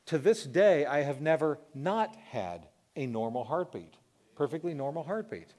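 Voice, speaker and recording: A man in his fifties, a talk show host, telling a personal testimony as a lively story and acting out sounds and asides. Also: on the high side, moderate pace. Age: 50s.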